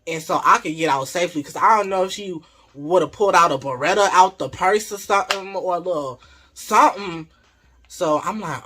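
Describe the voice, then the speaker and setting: A man telling a story in an animated, slangy, laughing way. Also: high voice, a little fast, slight background noise. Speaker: vlogger. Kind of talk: casual storytelling.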